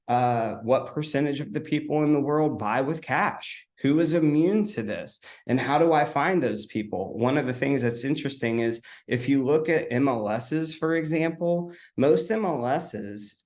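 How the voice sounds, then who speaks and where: A man's voice: medium pitch, darkish tone. A man hosting a weekly motivational talk for real estate agents, coaching them in a direct, encouraging way. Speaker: coach and host.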